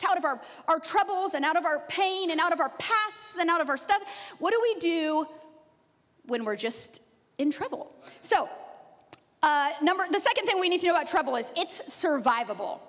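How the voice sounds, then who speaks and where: Brief: woman pastor, thirties, animated storyteller, high voice, echoing sanctuary. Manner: animated storytelling, laughing often. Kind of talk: sermon. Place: church sanctuary.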